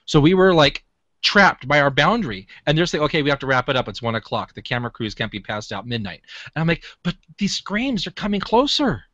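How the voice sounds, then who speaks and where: A man in casual conversation, telling an excited, animated story. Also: medium pitch, quick pace, dry recording, highs cut off. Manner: excitable, animated, laughs while telling stories.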